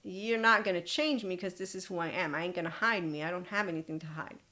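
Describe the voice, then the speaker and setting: A woman's voice: lowish voice, fast, pushed and bright. A woman hosting a solo podcast, talking bluntly and rambling, swearing freely, laughing often and correcting herself mid-sentence. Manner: rambling, restarts and self-corrections. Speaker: podcast host.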